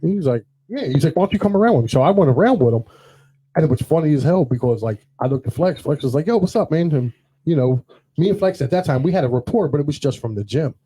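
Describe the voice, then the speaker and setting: A man's voice: medium pitch, lively intonation, quick pace, warm tone, husky, rough recording. A man hosting a casual podcast, telling rambling stories and acting out what others said. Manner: rambling anecdotal storytelling, quotes others in dialogue. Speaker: podcast host.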